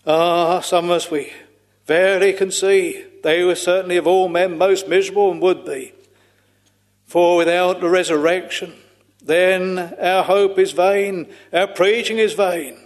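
Slow, solemn preaching man. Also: high voice, steady tone, in a large hall. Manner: slow, solemn, drawn-out preaching with frequent sighing "ah"s; old-fashioned scriptural phrasing. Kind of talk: sermon.

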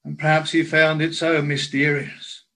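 A man preaching a sermon in a slow, earnest way, quoting scripture in old biblical language. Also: fairly high pitch, flat delivery, vocal fry, a bit bright, poor audio.

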